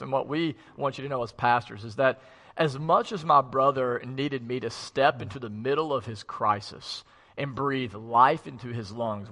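A man's voice: medium pitch, bright, forceful tone. A man pastor co-preaching an online sermon in an empty church, telling a story in a conversational way with frequent fillers. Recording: long reverb of an empty hall.

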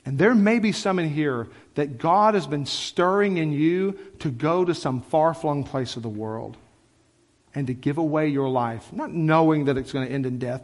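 A man's voice: on the high side, normal speed. A man preaching a sermon as pastor, speaking passionately in a conversational way full of "like". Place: church sanctuary. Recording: long church hall reverb.

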